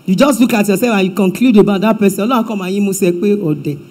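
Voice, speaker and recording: Nigerian woman preacher, church sermon, emphatic delivery with hushed asides. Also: mid-range voice, racing, low-quality recording. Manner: emphatic preaching, swings from loud to hushed, mixes in Yoruba phrases. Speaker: pastor.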